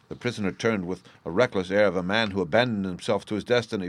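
A man reading a classic story aloud as narrator, steady and unhurried. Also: low voice. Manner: steady, unhurried, slows on key phrases. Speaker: audiobook reader.

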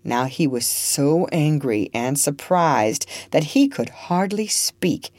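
A woman's voice: sits low, animated, slow, few pauses, darkish tone, no room sound, studio quality. A woman reading a storybook aloud, acting out the characters with expression. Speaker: narrator.

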